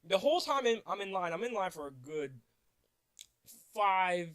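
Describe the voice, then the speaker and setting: A man telling a story casually in a vlog, animated and joking, laughing at his own asides. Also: high voice, normal speed, no room sound. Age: 20s. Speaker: vlogger.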